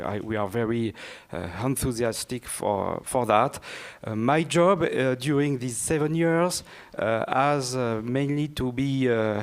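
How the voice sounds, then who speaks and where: A man from France with a French accent, a native French speaker, speaking as a project manager at a panel briefing, halting and searching for words. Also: medium pitch.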